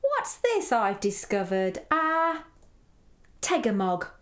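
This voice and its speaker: A woman's voice: on the high side, huge pitch swings, slow, heavily acted. A woman voicing a curious little boy exploring outdoors, inquisitive and delighted with each find, in a read-aloud children's story.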